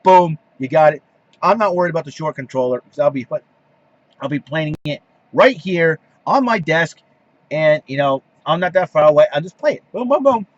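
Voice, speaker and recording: A man's voice: a little high, animated, moderate pace, no room sound, dull audio. A man hosting his own podcast, ranting casually and with exasperation, with many restarts and fillers. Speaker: podcast host. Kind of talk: casual solo rant.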